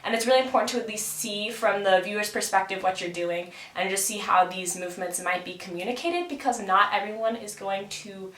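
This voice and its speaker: A woman's voice: mid-range voice, brisk, hardly any pauses, fairly bright tone. Chatty young woman, roomy room. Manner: chatty, many fillers, thinking aloud. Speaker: student. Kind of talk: casual explanatory video.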